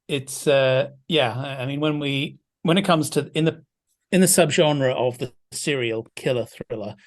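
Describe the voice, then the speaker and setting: A man's voice: mid-range voice, moderate pace. A man guest discussing a film in a casual podcast chat, thoughtful and hesitant with frequent restarts.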